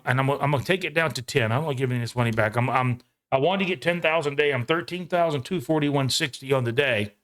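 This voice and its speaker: A man hosting a live trading session from home, thinking out loud about each trade in an excitable, casual way with the odd swear. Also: mid-range voice. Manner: excitable, talks fast to himself while trading, swears casually.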